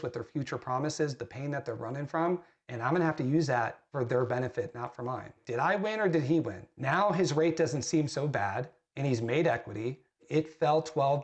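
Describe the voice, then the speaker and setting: A man with a mid-range voice coaches fellow agents in a plain, earnest way. He tells his stories candidly and often restarts his sentences partway through. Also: medium pitch. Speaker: real estate agent coaching other agents. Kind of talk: storytelling in a sales training call.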